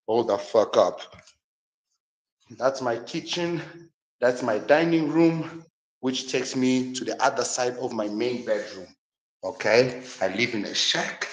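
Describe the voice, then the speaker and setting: A man, indignant and heated as he walks through his house on a live stream. He swears freely and repeats his points over and over, in a voice of ordinary middle pitch. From Angola.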